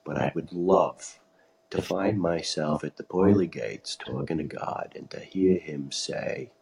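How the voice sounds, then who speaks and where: A man's voice: extremely low pitch, unhurried, vocal fry, a little mellow, slightly rough, heavily acted. A man voicing a folksy, boastful male guest who rambles in ungrammatical speech. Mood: wistful.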